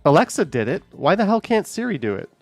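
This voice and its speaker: A man's voice: high voice, very animated, fast, dry recording, faint music behind. Casual man chatting on a live stream. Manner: rambling, talks to viewers and voice assistants, swears when annoyed.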